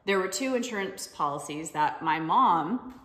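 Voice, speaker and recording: A woman's voice: lowish voice, expressive, normal speed, a bit bright. Conversational woman life coach, echoey room. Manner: conversational storyteller, tag questions. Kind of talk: motivational talk with personal stories. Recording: roomy with long reverb.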